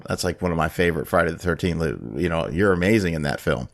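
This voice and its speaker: A man's voice: fast, vocal fry. A man hosting a podcast, telling a story in casual chat and acting out the people he quotes. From Florida. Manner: animated, acts out quoted voices in a higher pitch. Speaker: podcast host.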